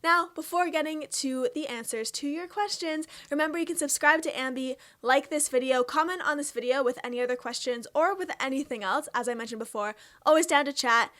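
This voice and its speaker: Woman, twenties, Canadian accent, vlog host, chatty, higher voice. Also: brisk, few pauses, fairly bright tone, dry recording. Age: 20s. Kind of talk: casual Q&A vlog.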